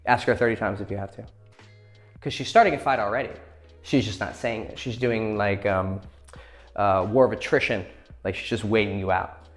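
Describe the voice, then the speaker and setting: A man's voice: fairly low pitch, moderate pace, soft background music. A man giving blunt, profane dating advice in a casual lecture, acting out quoted lines as he goes.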